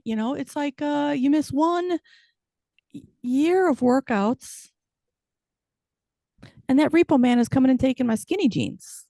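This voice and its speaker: A woman's voice: high-pitched, a little slow, creaky, pauses often, mellow, dry recording. A woman in her fifties performing a stand-up comedy set with wry, self-deprecating punchlines. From United States. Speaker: stand-up comic.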